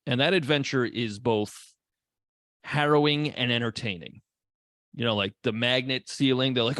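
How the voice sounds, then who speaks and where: A man co-hosting a casual movie podcast, animated and profane, acting out characters' lines as he talks. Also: medium pitch, normal speed, dry recording, studio quality. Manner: animated, swears a lot, acts out characters' lines. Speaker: podcast co-host.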